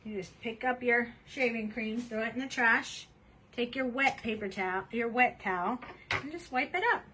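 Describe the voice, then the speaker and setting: A woman's voice: a little high, normal speed, pushed and bright, slight background noise, low-quality recording. A woman hosting a casual craft demonstration at her home desk, chatty and cheerful as she narrates each step. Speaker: craft tutorial host.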